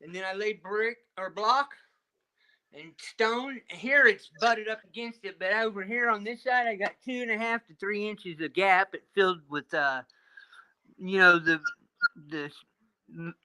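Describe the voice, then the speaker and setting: A man's voice: sits high, unhurried, sharp tone, clean tone, no room sound. A man chatting casually on a live video call panel, rambling as he shows off things he built. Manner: rambling, shows off his stonework and builds. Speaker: panel guest.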